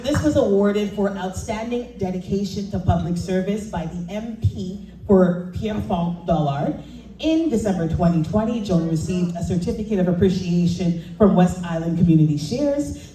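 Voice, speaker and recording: Casting note: woman emcee, mellow voice, introducing an honoree from a distant mic in a reverberant hall. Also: on the low side, a little hiss or hum. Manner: reads credentials, urges applause. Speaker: event presenter. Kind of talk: introducing an award recipient. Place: event hall. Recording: echoey hall, distant mic, faint ambience.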